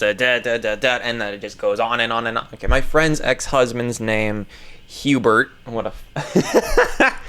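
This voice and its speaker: A man's voice: mid-range voice, sharp tone, clear, resonant tone. Rambling, swearing man reading aloud. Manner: rambling, swears a lot, stumbles over words. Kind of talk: casual reading aloud with commentary.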